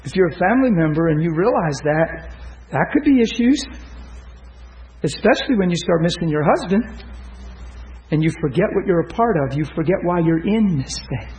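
High-voiced impassioned male preacher. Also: expressive, moderate pace, rough recording. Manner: impassioned, shouting peaks, drops to hushed storytelling. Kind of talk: sermon.

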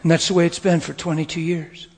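Husky-voiced man preaching in an echoey hall. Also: on the high side, flat delivery, quick pace. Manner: emotional, swings from hushed to shouting. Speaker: pastor. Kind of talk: sermon storytelling. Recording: long hall reverb.

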